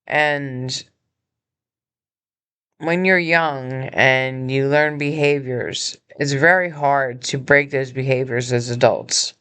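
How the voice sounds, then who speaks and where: Emotional woman making a halting appeal. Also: very deep voice, fairly even intonation, fairly bright tone, smooth. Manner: earnest, halting, with many pauses and restarts. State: emotional and injured. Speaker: podcast host and nonprofit founder. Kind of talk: personal appeal monologue. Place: hospital room.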